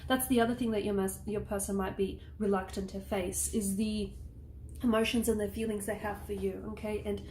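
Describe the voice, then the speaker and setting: A woman's voice: medium pitch, level tone, brisk, darkish tone. A woman giving a casual tarot reading, rambling and reassuring, checking in often with the listener. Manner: rambling, reassuring, frequent "okay?" check-ins. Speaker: tarot reader. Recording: echoey room with faint noise.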